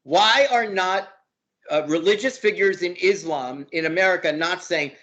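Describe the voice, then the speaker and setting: A man's voice: high voice, normal speed, bright, forceful tone. A man, a law professor as interview guest, talking heatedly and hammering points by repeating words. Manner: emphatic, repeats words for force. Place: lives in Brooklyn.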